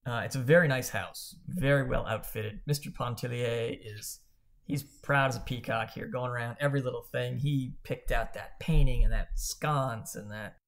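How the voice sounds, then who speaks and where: A man's voice: medium pitch, gravelly. Man, podcast co-host, casual book discussion, rambling, self-correcting.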